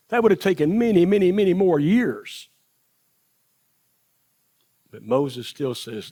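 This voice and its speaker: Slow, emphatic preacher, a man. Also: a little high, sing-song, dark tone, husky. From United States. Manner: repetitive emphatic preaching with rhetorical questions and voiced quotes. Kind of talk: sermon. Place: church sanctuary.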